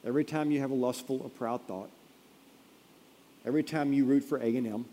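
A man preaching a sermon in a mellow, dark voice, building to loud emphatic peaks before falling to a hush. His voice rings out through a large hall with a long reverb tail. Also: medium pitch, fairly even intonation, a little fast. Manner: storytelling, building to emphatic peaks then dropping quiet. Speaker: pastor.

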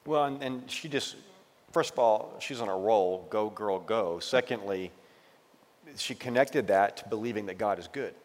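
A man's voice: fairly low pitch, moderate pace, in a large hall. A man co-hosting a faith talk on marriage as a pastor, encouraging and given to preachy asides. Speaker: pastor, co-host. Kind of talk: casual ministry talk on marriage.

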